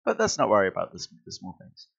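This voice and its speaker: A man's voice: on the low side, huge pitch swings, fast, creaky, husky, lo-fi sound. A man reading a comic aloud with chatty, self-correcting asides. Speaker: comic reader. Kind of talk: casual comic-book reading with commentary.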